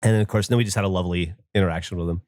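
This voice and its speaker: A man's voice: low-pitched, very fast, dry recording, clean studio sound. A man hosting a podcast, telling stories in casual chat and acting out what others said. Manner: animated storyteller, acts out quotes. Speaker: podcast host.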